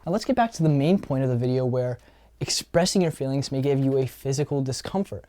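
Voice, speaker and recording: A man's voice: mid-range voice, animated, a little fast, warm tone, no room sound. A man giving an earnest self-help talk as a coach, often repeating phrases for emphasis. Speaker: social skills coach.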